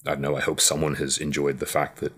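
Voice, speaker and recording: A man's voice: rumbling low, completely flat delivery, fast talker, fairly bright tone, slightly rough. A man in casual conversation, rambling thoughtfully with many "um" and "you know" fillers. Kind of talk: casual chat.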